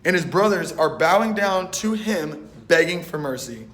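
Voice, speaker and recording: A young man and Christian rapper giving a casual, slang-filled faith talk, retelling a Bible story and acting out its voices. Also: normal speed. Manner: animated and slangy, acting out voices with "boom" and "bet". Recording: roomy echo.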